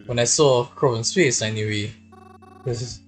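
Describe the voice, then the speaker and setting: A man voicing a young woman heroine, anxious and self-doubting, in a pleading, raised voice with a husky edge. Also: mid-range voice, moderate pace, soft background music, natural voice, poor audio. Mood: distraught.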